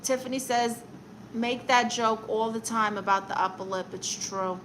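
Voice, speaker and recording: A woman's voice: fairly high pitch, normal speed, background noise. A woman with a Brooklyn accent hosting a casual live stream, reading chat comments aloud and roasting viewers in a sassy, playful way.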